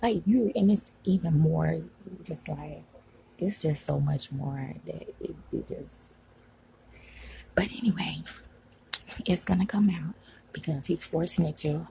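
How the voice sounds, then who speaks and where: A woman venting in an upset vlog, talking agitatedly and sometimes dropping to a hush, recorded at home on a phone. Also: low-pitched, a little slow, creaky, pauses often, a little hiss or hum, rough recording. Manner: agitated, venting, frequent "like" and "you know". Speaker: vlogger. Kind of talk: upset personal vlog rant. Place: home room.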